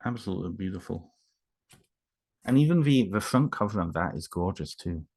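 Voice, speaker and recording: Deep-voiced man, halting casual vlog. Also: big pitch swings, darkish tone. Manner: halting, many fillers and restarts. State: emotional, moved. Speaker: author unboxing books. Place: home.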